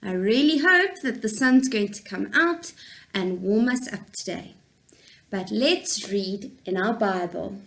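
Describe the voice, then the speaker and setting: A woman teacher reading a Bible story and a prayer to young children, in a warm, encouraging, clear way. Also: medium pitch, expressive, slow, rough recording.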